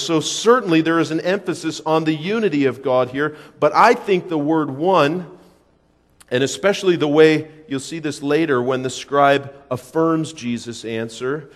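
A man preaching a sermon in a church, his somewhat high voice carrying a long reverb through the room. He rushes through asides and then slows down, leaning hard on key words. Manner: emphatic preaching, swings between quick asides and slow stressed phrases. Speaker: pastor.

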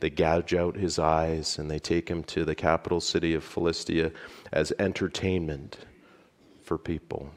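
A man preaching a sermon, retelling a story dramatically, dropping quiet and then swelling loud. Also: low voice. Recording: long hall reverb.

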